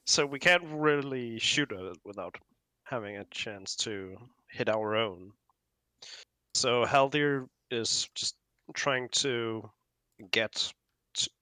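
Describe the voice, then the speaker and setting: A man playing in a tabletop game, speaking hesitantly and pausing with fillers. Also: mid-range voice, pushed and bright, smooth, no echo. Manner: slow, hesitant with "um"s. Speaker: player. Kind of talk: casual tabletop play.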